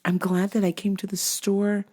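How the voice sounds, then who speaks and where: A woman voicing a sweet, earnest young woman who gushes softly and eagerly offers help. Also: low-pitched, normal speed. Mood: moved. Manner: soft, gushing, eager to please.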